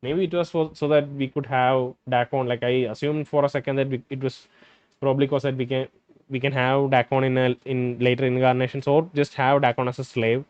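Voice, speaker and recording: A man playing a role-playing game, reading its dialogue aloud and thinking out loud between lines. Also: mid-range voice, flat delivery, brisk, clean tone, dry recording, muffled recording. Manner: hesitant, restarts and fillers, reads dialogue in plain voice. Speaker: gameplay streamer.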